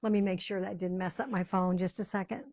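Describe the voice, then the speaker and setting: A woman's voice: on the low side, steady tone, quick pace, darkish tone, poor audio. An older woman chatting casually as she crafts at home, rambling and often trailing off mid-sentence. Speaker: crafting channel host. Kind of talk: casual chat while crafting.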